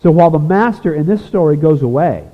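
A pastor preaching a sermon, earnest, rising to emphatic points and dropping to a hushed, confessional tone. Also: male voice, fairly high pitch, animated, a little fast. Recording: echoey hall over a tinny phone-like line.

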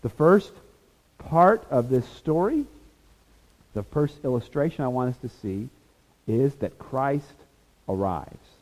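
A man teaching a Bible lesson as a sermon, animated and acting out the voices of people in the story. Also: mid-range voice, slow pace, long pauses. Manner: animated, acts out voices of the disciples and Jesus. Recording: reverberant hall.

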